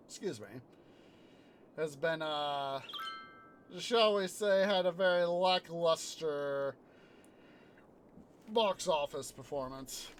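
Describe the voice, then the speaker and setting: A man's voice: fairly high pitch, slow, pauses often, slight background noise. A man streaming a city-building game, chatting casually in a rambling way, retelling film scenes. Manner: rambling, many fillers and restarts, retells scenes with sound effects. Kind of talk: casual chat while playing a game.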